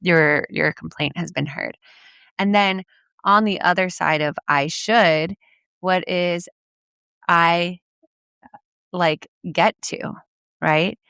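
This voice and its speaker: Low, gravelly woman coaching podcast host. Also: fairly even intonation, takes it slowly, long pauses, bright, forceful tone, no echo, clean studio sound. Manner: chatty, frequent "like" and "you know"; laughs now and then, playful swearing. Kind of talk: casual solo podcast talk.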